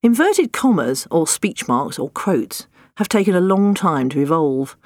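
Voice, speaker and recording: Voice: medium pitch, expressive, measured pace, no echo. Narrator reading nonfiction, wry and dry, no room sound at all. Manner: wry, dryly humorous.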